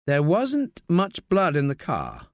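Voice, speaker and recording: A man's voice: fairly high pitch, wildly swooping pitch, slow pace, no echo, exaggerated voice. A persistent detective presses with cool, needling questions, as a male narrator gives him voice. His intonation moves widely, and the audiobook recording is close and dry. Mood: probing. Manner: probing, needling.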